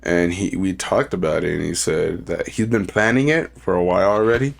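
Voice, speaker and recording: A young man with a lowish voice co-hosts a casual podcast. He is sick with a cough. He rambles in a relaxed way, leans on "like" and "you know", and laughs often. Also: fairly quick, vocal fry, slight background noise. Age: young adult. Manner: laid-back, rambling, laughs often, says "like" a lot. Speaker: podcast co-host. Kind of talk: casual chat.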